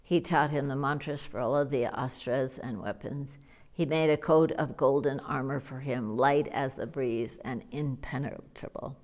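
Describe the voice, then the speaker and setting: A woman narrating an audiobook of a retold scripture in a measured, deliberate way. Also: rumbling low, fairly even intonation, darkish tone.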